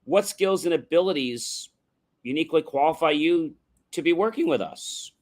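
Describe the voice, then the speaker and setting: At normal speed, an animated man with a voice on the high side hosts a motivational livestream over a livestream microphone. He takes an instructive approach, contrasting yes-no questions with open ones, and often adds a rhetorical "right?".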